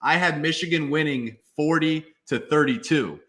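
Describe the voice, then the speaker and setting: A man's voice: a little high, moderate pace, a bit bright. A man in his twenties, a former football player, talking emphatically as a guest in a casual interview.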